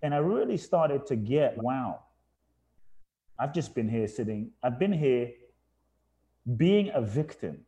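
A man's voice: medium pitch, expressive, slow pace, long pauses, warm tone, lo-fi sound. A man guesting on a podcast, telling his life story earnestly and emphatically, often repeating phrases for effect. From England. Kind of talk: reflective storytelling interview.

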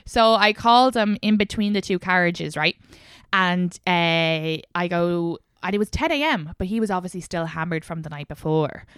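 A young Irish woman hosting a podcast, telling lively stories, laughing often and swearing freely. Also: fairly low pitch, moderate pace, smooth, no echo, clean studio sound. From Ireland. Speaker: podcast host. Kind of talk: casual chat.

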